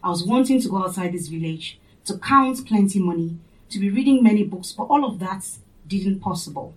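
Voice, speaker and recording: A woman's voice: medium pitch, lively intonation, fairly quick, distant mic, natural voice, poor audio. A woman reading a story, voicing an earnest, tender mother pleading with her daughter.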